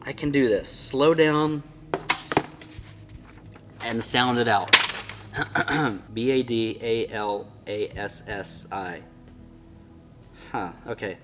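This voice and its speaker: A man talking casually and with enthusiasm in a product review vlog, often amused and slowly sounding out tricky words. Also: medium pitch, very noisy. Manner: enthusiastic and chatty, often amused by his own slips. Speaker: Bible binding reviewer.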